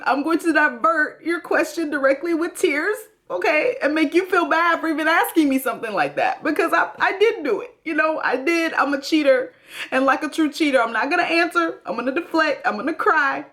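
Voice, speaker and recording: A woman's voice: sits high, animated, a little fast, fairly bright tone, voice pushed up. A woman voicing a tearful young woman who dodges a question about cheating, with dramatic mock sobbing. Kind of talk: mocking impression.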